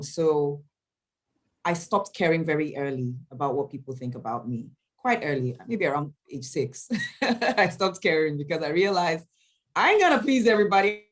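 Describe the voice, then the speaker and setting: A woman, an event MC answering questions in a motivational talk, emphatic and animated as she tells stories. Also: medium pitch. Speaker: event MC and speaker.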